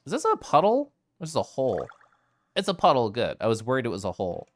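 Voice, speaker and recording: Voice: mid-range voice, wildly swooping pitch, fast, no room sound. A streamer casually chatting with viewers while playing a game, giggly and playful. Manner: giggly, playful, talking to chat. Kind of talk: casual live-stream gameplay chat. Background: faint game music.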